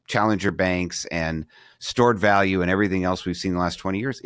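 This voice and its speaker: Middle-aged male podcast co-host, very deep, loose conversational delivery with restarts, dry sound. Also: a bit bright, no echo. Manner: rambling, restarts sentences, thinks aloud. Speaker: podcast co-host, banking advisor. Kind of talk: casual business podcast chat.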